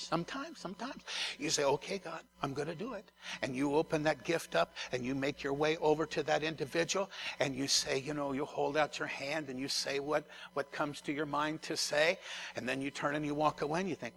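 A man's voice: fairly high pitch, brisk, creaky, a bit bright. A man, a pastor, preaching a conversational sermon to his congregation, often repeating words and turning to the listeners.

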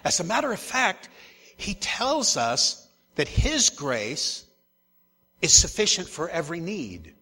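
Preaching with a fairly high, sharp, slightly rough voice, a male pastor talks familiarly to his congregation. He hammers home his main phrases by repeating them, and the large church hall gives a long echo.

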